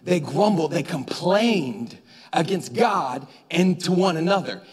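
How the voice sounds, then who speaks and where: High-voiced man preaching in a reverberant hall. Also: lively intonation, slow, husky. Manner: conversational preaching, rising to shouts for emphasis. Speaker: pastor. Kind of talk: sermon. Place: church sanctuary. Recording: long reverb of a church hall.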